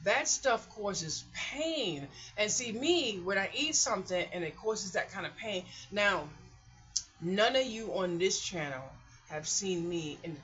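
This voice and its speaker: Middle-aged woman, rambling home vlogger, bright forceful voice, dull lo-fi home recording. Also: fairly low pitch. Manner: rambling and chatty, animated storytelling with laughs. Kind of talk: casual chat. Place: hot apartment room at home.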